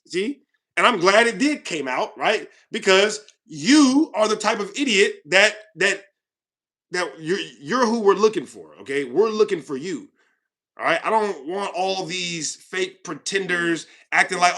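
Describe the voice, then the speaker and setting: A man hosting his own channel, ranting to viewers in a heated, confrontational way, swinging between loud outbursts and quiet asides. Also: high-pitched, lively intonation, unhurried. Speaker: channel host.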